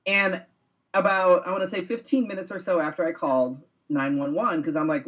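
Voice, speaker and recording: A man with a slightly high voice tells a story on a live web talk show, swearing freely and acting out what people said. The sound is muffled and lo-fi, like streamed call audio. He talks in a loose, casual way. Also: a little fast. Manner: profane, animated storyteller. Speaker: co-host.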